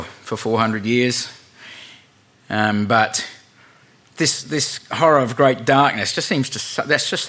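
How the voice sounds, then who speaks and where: A man preaching an informal sermon, chatting with many fillers and reading Bible verses aloud slowly. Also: fairly low pitch, a bit bright.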